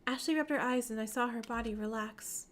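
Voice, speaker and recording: A woman's voice: a little high, fairly quick, a little hiss or hum. A woman streamer reading a visual novel's narration aloud on a live stream, with small slips and self-corrections.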